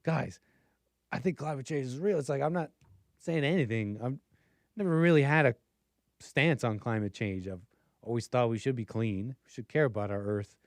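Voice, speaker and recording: A man's voice: mid-range voice, moderate pace, no room sound. Guy rambling on his livestream, ums and restarts, mid voice, dry close mic. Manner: rambling with many fillers and restarts, chuckling asides. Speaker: political commentary livestream host. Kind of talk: casual rambling commentary.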